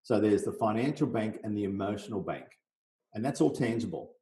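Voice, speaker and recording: Middle-aged man, from Australia, podcast guest, business coach, energetic explainer, low mellow voice, roomy echo. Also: brisk. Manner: energetic, role-plays sales conversations.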